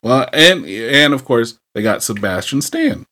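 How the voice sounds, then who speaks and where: Animated man in casual chat. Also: medium pitch, measured pace. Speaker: podcast co-host.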